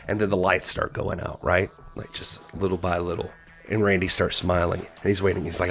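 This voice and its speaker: Low-voiced man recapping wrestling. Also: normal speed. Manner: opinionated, exasperated asides; animated storytelling recap. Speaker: podcast host.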